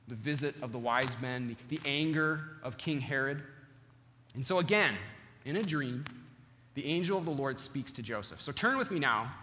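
A male pastor preaching a sermon, earnest and deliberate, slowing down to stress key words, in a church sanctuary. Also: medium pitch, bright, forceful tone. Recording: long hall reverb.

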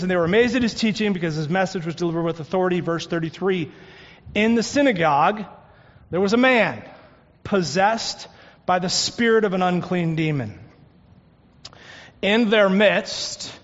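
High-voiced pastor preaching in a reverberant hall. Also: male voice, lo-fi sound. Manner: earnest preaching, drops to a hush on key points. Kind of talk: sermon. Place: church sanctuary.

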